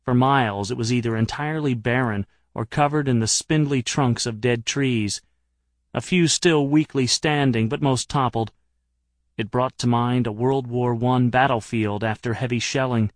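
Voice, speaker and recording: A man's voice: medium pitch, moderate pace, no echo. A man narrating an audiobook in a wry, dry-humored manner.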